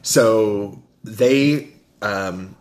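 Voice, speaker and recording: Man, podcast co-host, casual recap, sarcastic, blunt, low voice. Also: very slow. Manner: blunt, sarcastic name-calling. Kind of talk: casual movie recap chat.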